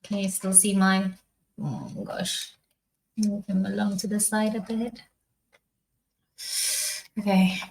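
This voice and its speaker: A British woman from the United Kingdom vlogging a spicy food challenge, reading trivia aloud in a slow, halting way. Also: mid-range voice, flat delivery, creaky, a little mellow, slight background noise. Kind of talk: casual vlog talk, reading trivia aloud. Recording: echoey room.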